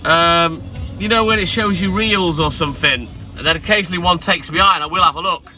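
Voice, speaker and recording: In a high, bright and forceful voice, a man speaks a little fast while live streaming by phone from his milk delivery van. He banters casually with viewers, swears from time to time, and music can be clearly heard behind him.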